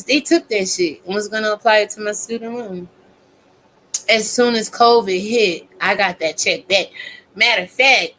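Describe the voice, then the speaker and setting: A woman's voice: mid-range voice, a little hiss or hum, rough recording. Blunt, profane woman ranting on a stream. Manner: blunt, profane, animated and emphatic. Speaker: online commentary host. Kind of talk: casual live-stream rant.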